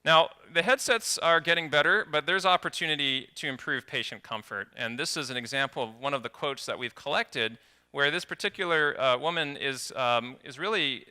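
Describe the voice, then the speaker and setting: Bright-voiced man giving a conference talk. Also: medium pitch, clean tone. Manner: storytelling, animated with some restarts. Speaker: conference speaker. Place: conference hall.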